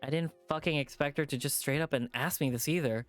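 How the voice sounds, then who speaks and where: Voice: mid-range voice, fast, hardly any pauses, no room sound. A streamer reading a visual novel aloud with casual, profane asides.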